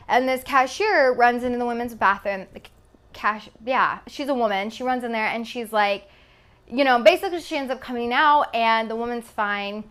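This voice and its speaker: A young woman from Texas, about twenty, tells a casual storytime to her phone camera. Her voice sits a little high, and her talk is loose and full of "like" fillers, with swearing dropped in casually. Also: normal speed, a bit bright. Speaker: vlogger.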